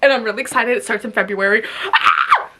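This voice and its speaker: A woman's voice: a little high, steady tone, rapid-fire, bright, forceful tone, husky. A young woman vlogging in a rambling, giggly casual chat, full of fillers.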